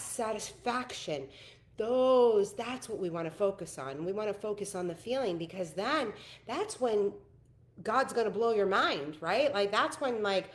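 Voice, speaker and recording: A woman in her thirties hosting a casual coaching call, earnest and emphatic, laughing often. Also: medium pitch. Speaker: host, spiritual coach.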